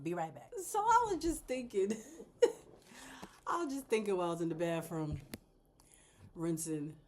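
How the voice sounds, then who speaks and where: Chatty, animated woman vlogging about plants. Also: on the low side. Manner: animated and talkative, laughs and addresses viewers directly. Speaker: plant vlogger, channel host. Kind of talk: casual chatty vlog while repotting plants.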